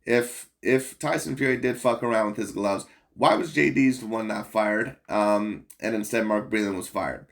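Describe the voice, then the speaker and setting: Male channel host, lowish pitch; casual, profane, rambling reaction commentary. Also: moderate pace, gravelly, hardly any pauses. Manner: blunt, profane, rambling with fillers and laughs.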